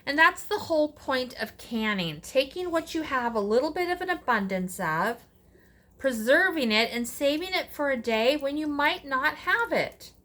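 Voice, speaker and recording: A middle-aged woman hosts a casual cooking vlog, chatting as she works and throwing in sassy asides. Her voice is high-pitched, expressive and sharp in tone, at a normal speed.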